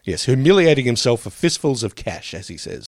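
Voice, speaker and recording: A man co-hosts a casual podcast and gives sweary, opinionated takes with a wry edge. His voice sits in a middle pitch. The recording is dry, with no room sound. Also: sing-song, a little fast, no room sound. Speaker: podcast co-host. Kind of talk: casual chat reviewing a cartoon episode.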